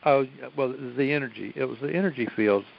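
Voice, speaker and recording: A man from Virginia with a Southern twang, telling halting stories as a caller on a group call. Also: medium pitch, gravelly, dull audio, a crowd in the background. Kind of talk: casual group call chat.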